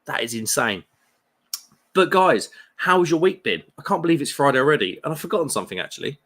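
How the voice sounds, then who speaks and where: A man's voice: fairly high pitch, very animated, fast, background noise. A man in his thirties with a British accent, chatting casually on a beer live stream and reading viewer comments, jokey and friendly. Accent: British English. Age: 30s. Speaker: beer livestream host.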